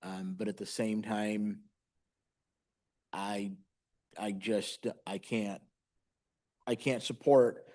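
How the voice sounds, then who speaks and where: A man with a fairly low voice speaks as a county commissioner at a public meeting. He is measured and halting, pausing and restarting before making his point. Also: a little mellow.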